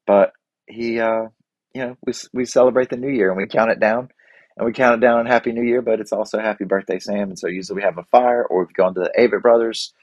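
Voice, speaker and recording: A man's voice: lowish voice, steady tone, quick pace, darkish tone, no echo. A man in his forties talking in a casual, reflective way about family traditions and gratitude, rambling with fillers and restarts. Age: 40s.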